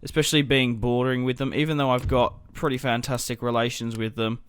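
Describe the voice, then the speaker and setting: Young male let's-player, smooth voice, dry close sound, musing as he plays. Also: medium pitch, flat delivery, fairly bright tone, no room sound. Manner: thinking aloud, musing and unhurried. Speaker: gaming video host. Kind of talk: casual strategy game commentary.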